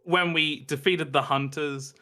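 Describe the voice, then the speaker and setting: Bright, excitable man at a game table. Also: a little high, a little slow. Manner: excitable, laughing often. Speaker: player. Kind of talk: casual game chat.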